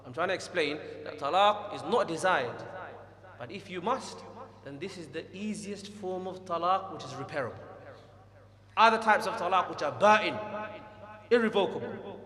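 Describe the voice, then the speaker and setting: A man teaching an Islamic lesson to a class, animated and scolding, acting out quotes and taking questions. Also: high-pitched, moderate pace. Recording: echoey hall, long reverb.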